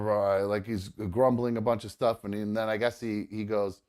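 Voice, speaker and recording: A man's voice: lowish voice, steady tone, moderate pace, few pauses. A man hosting a live talk show, telling a story casually with lots of fillers. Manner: rambling, many fillers. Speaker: host.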